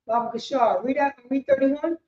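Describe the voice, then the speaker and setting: High-voiced emphatic New woman preaching. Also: normal speed. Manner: emphatic, repetitive, swings between loud bursts and quiet asides. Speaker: class teacher. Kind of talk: preaching to a class. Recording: echoey room, muffled lo-fi sound.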